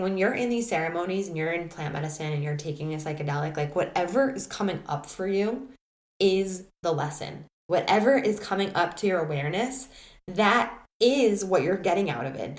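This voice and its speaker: A woman hosting a solo podcast, telling a personal story in a candid, animated way, full of "like" and restarts. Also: sits low, reverberant. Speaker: podcast host.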